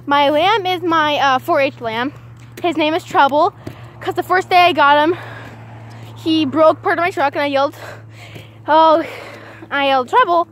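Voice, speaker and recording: High-voiced teen girl rambling on a walk. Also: normal speed. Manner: distracted, chatty, keeps calling to her dog mid-sentence. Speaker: vlogger. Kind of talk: casual rambling vlog. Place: outdoors on a walk.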